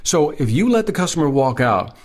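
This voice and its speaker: A man's voice: on the high side, sing-song, a little fast. A man hosting a sales advice podcast, speaking emphatically and repeating his key points. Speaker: podcast host.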